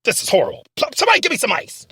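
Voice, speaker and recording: A man's voice: very high-pitched, wildly swooping pitch, very fast, pushed and bright, a little hiss or hum, heavily acted. A man playing a blustering, bossy male talk radio host in a comedy skit, stammering and ranting.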